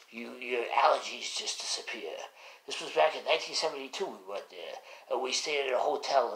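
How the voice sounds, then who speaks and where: A man's voice: mid-range voice, creaky, a bit bright, reverberant, rough recording. A man casually telling a rambling family story, full of asides and restarts.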